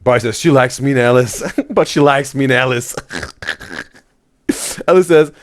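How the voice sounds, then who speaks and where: A man hosting a live stream, reading chat messages aloud in a casual, excitable way and saying "bro" constantly. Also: mid-range voice, measured pace. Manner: animated, exclaims "bro" constantly, laughs often.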